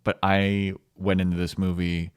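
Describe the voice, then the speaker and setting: A man co-hosting a movie review podcast in casual chat, relaxed, laughing often, with many fillers. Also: low voice, measured pace, clean tone, no echo, studio quality. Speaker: podcast co-host.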